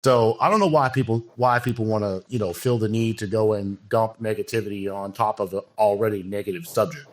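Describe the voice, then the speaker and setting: A man's voice: fairly low pitch, steady tone, a little fast, hardly any pauses. A man, a bodybuilding coach, talking earnestly in a casual podcast conversation, with long loose run-on sentences and many fillers.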